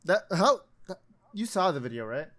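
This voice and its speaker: A man's voice: sits high, big pitch swings, normal speed, fairly bright tone. A man in casual conversation, reacting wryly and in a laid-back way. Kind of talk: casual chat.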